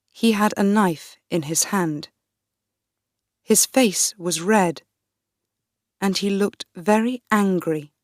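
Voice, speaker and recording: A woman narrating a first-person story for English learners in a clear, measured way. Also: mid-range voice, no room sound, clean studio sound. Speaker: audiobook narrator.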